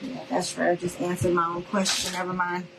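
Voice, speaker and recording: A woman's voice: on the low side, monotone, a little fast, creaky, background noise. A middle-aged woman, chatting casually and folksily to her viewers while she does a craft project at home. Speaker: craft video host. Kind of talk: casual livestream crafting chat.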